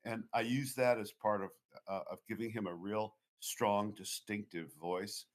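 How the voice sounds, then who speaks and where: Low-voiced man spinning long anecdotes. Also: steady tone, unhurried. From Boston area, USA. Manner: anecdotal, digressive. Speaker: guest author. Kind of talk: storytelling interview talk.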